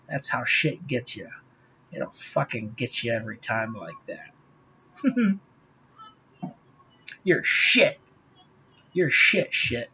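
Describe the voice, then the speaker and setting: A man's voice: medium pitch, expressive, a little slow, dull audio, music in the background. A man talking straight to his viewers in a rambling, profane monologue, laughing often. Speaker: vlogger.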